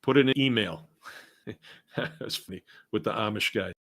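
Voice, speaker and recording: A man's voice: lowish voice, measured pace, fairly bright tone. A middle-aged man from Massachusetts hosting a casual live stream, reading viewer comments aloud and rambling along with chuckling asides. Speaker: host.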